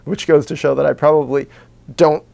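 Man speaking slowly in a gravelly low voice. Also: fairly even intonation, warm tone, highs cut off. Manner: slow, halting and self-searching, deliberately speaking low from the chest. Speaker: video blogger. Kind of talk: reflective monologue to camera. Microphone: camera he is sitting in front of.

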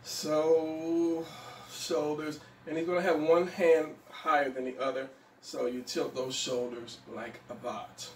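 A man giving a relaxed drawing tutorial, thinking aloud as he sketches and often pausing with fillers. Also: on the high side. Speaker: drawing instructor. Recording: echoey room, mic at a distance, faint background noise.

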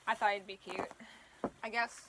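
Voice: mid-range voice, fairly even intonation, moderate pace, background noise. A cosplay vlogger talking casually at home while setting up a photoshoot, speech slightly slurred by costume fangs, tired from an early start and laughing often. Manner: chatty, laughs often, trails off. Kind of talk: casual vlog chat.

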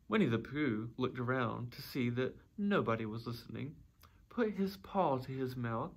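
A man reading a children's storybook aloud in an expressive, gently animated way. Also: medium pitch, a little slow, creaky.

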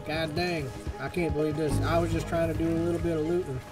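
A man streaming a western game live, chatting casually and swapping swear words for softer ones. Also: a little high, flat delivery, quick pace. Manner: chatty, swaps swears for "fudge". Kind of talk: live gameplay commentary. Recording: game music behind the voice.

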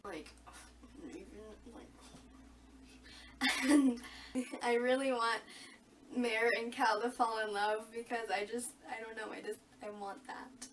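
A teenage girl chatting excitably about a book she loved, full of filler words and gushing reactions. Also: on the high side, slow, long pauses, recorded from a distance, a little hiss or hum. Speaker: vlogger. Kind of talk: casual book review chat.

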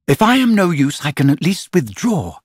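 A prim, proper little girl, acted by a male narrator in a storybook reading, speaking well above his own register. Her lines carry a faintly husky grain and a lively, rising and falling lilt. She sounds a little patronizing and very ladylike. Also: a little high, moderate pace, no echo, clean studio sound, voice pushed up. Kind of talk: audiobook character voice.

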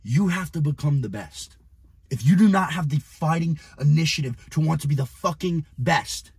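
A young man coaching in an aggressive, profane motivational rant, often shouting at the viewer. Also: a little high, moderate pace, gravelly, breathy edge, no echo. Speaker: business and fitness coach.

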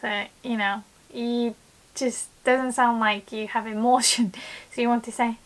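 A woman teaching Japanese grammar in a video lesson, explaining patiently in English and slowly repeating Japanese example phrases. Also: on the high side, fairly bright tone.

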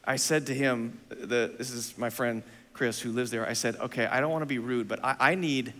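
A male pastor tells a self-mocking story during a sermon. He acts out the dialogue in an animated way, speaking in a church sanctuary. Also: mid-range voice, normal speed. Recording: long reverb of a church hall.

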